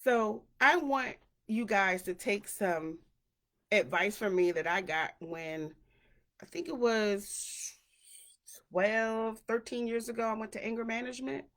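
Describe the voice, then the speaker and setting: A woman hosting a casual solo podcast, chatty and animated, who acts out the voices of people she quotes. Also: fairly high pitch, unhurried. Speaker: podcast host.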